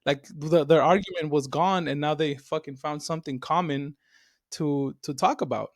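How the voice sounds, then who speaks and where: A man, chatting casually on a podcast and telling stories with animated, acted-out quotes. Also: fairly high pitch, moderate pace, no room sound, studio quality. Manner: animated storytelling, swears freely, acts out quoted voices. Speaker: podcast co-host.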